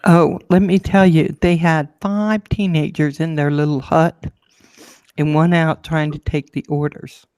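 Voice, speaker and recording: A woman co-hosting a casual chat show, telling a lively story and acting out the people in it. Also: unhurried, smooth, no room sound, clean studio sound. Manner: lively storyteller, acts out quotes in a high voice. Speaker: show co-host.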